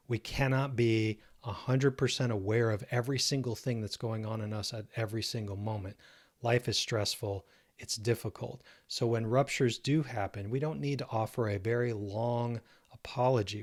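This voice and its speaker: A man coaching listeners on relationships, speaking calmly and laying out his points step by step. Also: mid-range voice. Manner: calm, measured, explains step by step. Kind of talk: instructional self-help talk.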